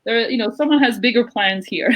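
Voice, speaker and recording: A woman's voice: on the high side, a bit bright, a little hiss or hum, poor audio. A woman hosting a live video-call interview, gushing and effusive in manner. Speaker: host of an online interview show. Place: at home in Jerusalem.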